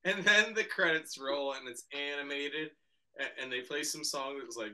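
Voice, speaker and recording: A man's voice: on the high side, moderate pace, bright, forceful tone. A drunk young man rambling through a movie plot, stumbling over words and swearing. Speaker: drunk guest recounting a movie.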